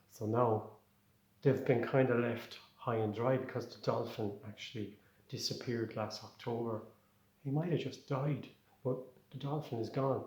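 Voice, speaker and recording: A man's voice: medium pitch, darkish tone, reverberant. An Irish man doing a rambling, conversational stand-up set. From Ireland. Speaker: stand-up comedian.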